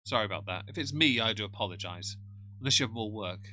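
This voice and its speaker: A man's voice: fairly low pitch, expressive, fast talker, sharp tone, no room sound. Jokey man live-streaming. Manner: greets chat members by name, jokey. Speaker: streamer reacting to a video. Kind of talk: casual live-stream chat.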